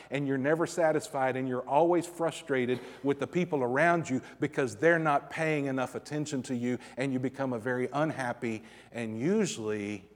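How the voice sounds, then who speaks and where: A man preaching a sermon with scripture reading, dramatic, swinging from loud emphasis to quiet asides with wry humor. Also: medium pitch. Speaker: pastor. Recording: long reverb of a large hall.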